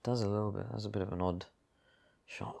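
A man's voice: lowish voice, fairly even intonation, a little fast, vocal fry, darkish tone. A man as guest co-host, chatting in laid-back, swear-laced banter over a film. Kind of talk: casual film commentary.

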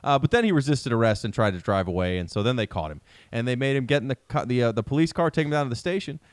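This man co-hosts a comedy podcast and tells odd news stories in a joking, wry way. He talks fast and his pitch jumps around a lot. The mic is close and the sound is dry, with no room in it. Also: lively intonation, smooth, dry recording. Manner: joking, laughs often, wry storytelling. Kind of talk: casual comedic podcast banter.

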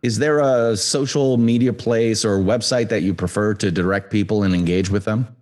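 A man's voice: on the low side, fairly even intonation, moderate pace, darkish tone. A man hosting a podcast interview, talking in a conversational, enthusiastic way. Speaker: podcast host.

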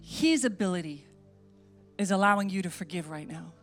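Earnest woman pastor praying over soft music. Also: lowish voice, expressive, normal speed. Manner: earnest, repeating short phrases, pleading in prayer. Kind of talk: sermon with altar call and spoken prayer.

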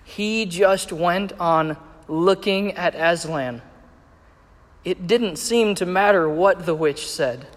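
A man preaching a sermon, measured and emphatic as he reads and explains scripture. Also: high voice. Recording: echoey hall with long reverb.

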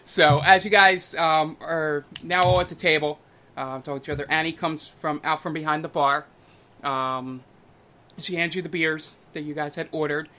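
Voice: medium pitch, steady tone, normal speed, bright, forceful tone, slight background noise. A game master narrating a tabletop fantasy game in a loose, hesitant way with many fillers.

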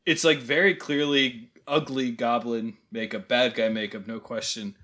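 A man's voice: mid-range voice, a bit bright. A man co-hosting a podcast, giving wry, rambling movie critique and laughing often. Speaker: podcast co-host. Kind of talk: casual chat.

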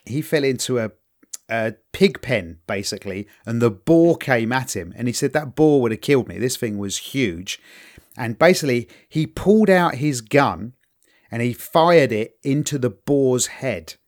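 A middle-aged British man chatting casually, telling stories animatedly and acting out the voices of the people in them. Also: medium pitch. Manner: animated storyteller, acts out voices loudly. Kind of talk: casual chat, storytelling.

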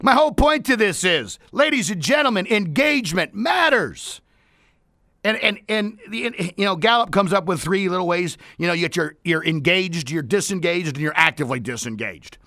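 Fired-up radio host, high lively voice. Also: male voice, moderate pace, no echo, studio quality. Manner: animated, shouting, playful asides. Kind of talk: energetic motivational radio talk. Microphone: studio microphone.

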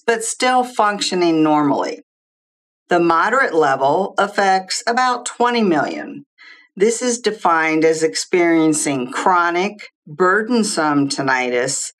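A woman who is a social worker, a guest expert giving measured, explanatory interview answers. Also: on the low side. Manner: measured, explanatory, lists figures clearly.

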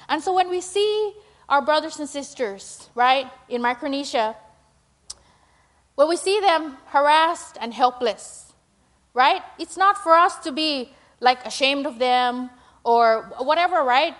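A woman's voice: high voice, lively intonation, a little slow, a bit bright. A middle-aged woman gives a church presentation with slides, talking in a conversational, rambling way with many fillers and tag questions. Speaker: school principal giving a church talk.

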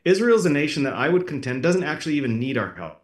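A man's voice: fairly high pitch, sing-song, fast talker, echoey room. A man as a political candidate guest in a podcast interview, talking emphatically and repeating words as he presses his points. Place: podcast studio.

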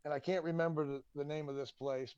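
A man's voice: a little high, fairly even intonation, fast, darkish tone, smooth, no room sound, dull audio. A man guesting on a podcast, telling loose, profane, laughing anecdotes in a rambling way. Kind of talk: casual storytelling.

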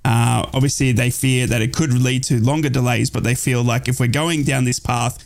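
A man hosting a casual football chat show, animated and full of questions. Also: medium pitch, moderate pace, vocal fry, dry recording. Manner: animated, asks lots of questions. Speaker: host.

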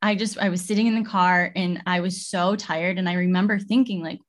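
A woman's voice: on the low side, fairly even intonation, brisk, few pauses. Young woman, casual chat, rambling storyteller, lots of fillers and restarts. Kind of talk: casual heartfelt conversation.

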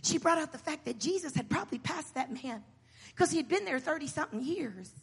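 A woman preacher delivering a sermon in a church hall, moving from quiet storytelling to shouted exhortation. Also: high voice, expressive, a little fast. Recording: long hall reverb.

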